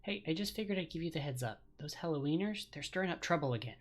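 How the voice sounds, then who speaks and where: A man's voice: a little high, animated, pitched above the performer's own voice. A man doing a tough street-wise woman. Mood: warning. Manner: brisk, friendly warning.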